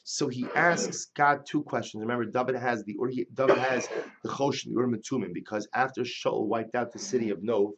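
A man's voice: medium pitch, fairly quick, hardly any pauses, fairly bright tone, lo-fi sound. A man teaching a Talmud lesson, reading the Hebrew and Aramaic text aloud and then explaining it in plain English. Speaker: Torah teacher. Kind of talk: Talmud class lecture.

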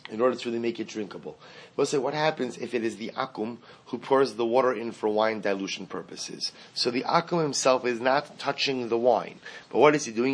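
A man of middling pitch teaches a Talmud class. He reasons aloud in a singsong study cadence, weaving Hebrew and Aramaic terms into plain talk. He restarts phrases and asks and answers his own questions. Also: fairly bright tone.

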